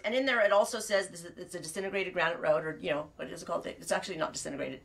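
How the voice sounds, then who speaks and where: Rambling, chatty woman with a lowish voice. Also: racing, vocal fry, hardly any pauses, a bit bright. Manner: rambling, self-interrupting, laughs often, swears casually. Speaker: knitting show host and sheep farmer. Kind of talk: casual live-stream chat. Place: at home on her farm.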